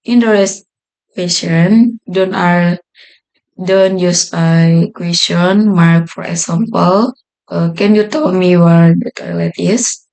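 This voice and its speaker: Slow, gravelly woman presenting a grammar lesson. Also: fairly low pitch, fairly even intonation, a little mellow, rough recording. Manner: slow, halting delivery with frequent uh fillers. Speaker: student presenter.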